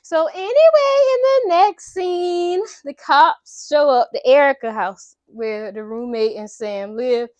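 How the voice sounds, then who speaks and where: Chatty, animated woman recapping a movie. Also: sits high, slow pace, hardly any pauses, dry recording. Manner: chatty, animated, slangy, profane. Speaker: vlogger.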